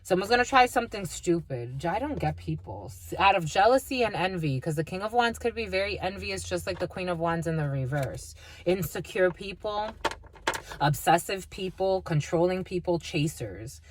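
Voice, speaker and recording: A woman's voice: on the low side, animated, moderate pace. A woman giving a spiritual tarot reading to her viewers, blunt and profane, laughing often and calling her listeners "my lovies.". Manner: laughs often between remarks. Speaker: tarot reader.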